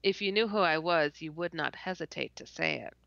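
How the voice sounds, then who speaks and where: A woman voicing a calm, gentle man who speaks softly and low, heard through dull lo-fi audio. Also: a little fast, creaky, no echo.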